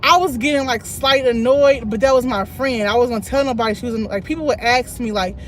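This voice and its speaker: Streaming live from her car, a chatty young woman tells a story, laughs easily and reads viewer comments aloud along the way. She has a fairly high pitch, with slight background noise.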